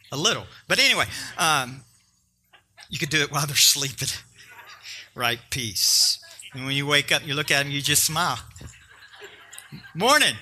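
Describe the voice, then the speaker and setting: Male pastor, high and very bright voice, emphatic sermon delivery with jokes. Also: slight background noise. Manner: emphatic, joking preaching that talks straight to the congregation.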